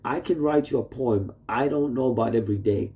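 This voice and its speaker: A man's voice: medium pitch, fairly quick, warm tone. A man rambling through a cursing, topic-hopping video message to his wife, indoors at home. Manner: rambling, profane, jumps between topics. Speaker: vlogger. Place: indoors, shared home with sleeping roommates.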